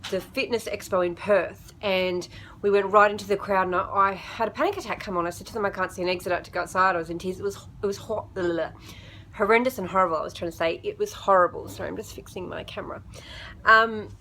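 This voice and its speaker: A woman's voice: medium pitch, fast talker, sharp tone, slight background noise. A young woman, talking to her camera in a personal vlog, chatty and emotional and often jumping between thoughts. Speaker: vlogger.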